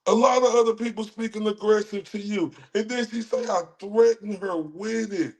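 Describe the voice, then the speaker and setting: Heated, profane man with a high voice. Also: steady tone, moderate pace. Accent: Texan. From Dallas, Texas. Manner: profane, heated, laughing asides. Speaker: livestream host. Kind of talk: heated livestream rant.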